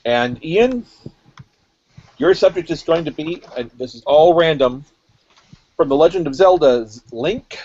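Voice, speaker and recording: A man casually hosting a live online drawing event, reading out each artist's assignment slowly and plainly. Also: a little high, expressive, darkish tone, highs cut off.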